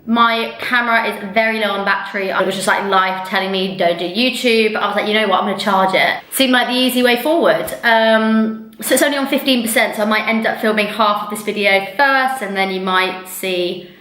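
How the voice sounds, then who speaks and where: A woman's voice: mid-range voice, a little fast, pushed and bright, roomy sound, rough recording. A young woman vlogging to camera in casual chat, chatty and rambling with lots of fillers, recorded on a camera mic. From England. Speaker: fitness vlogger.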